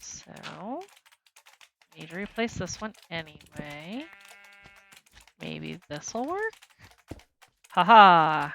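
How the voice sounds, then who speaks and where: Woman streamer, casual and self-deprecating, slightly low pitch, soft typing noise in the background. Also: sing-song, drawn-out words, vocal fry, long pauses. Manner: chatty, self-deprecating, laughs often. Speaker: game streamer. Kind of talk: casual live-stream commentary.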